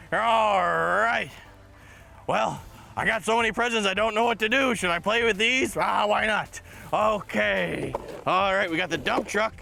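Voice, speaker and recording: A man hosting a children's show in a pirate persona, exclaiming excitedly and dropping growled "yar" interjections while he plays outdoors in the dirt. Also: high voice, measured pace, vocal fry. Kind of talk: playful talk to young kids.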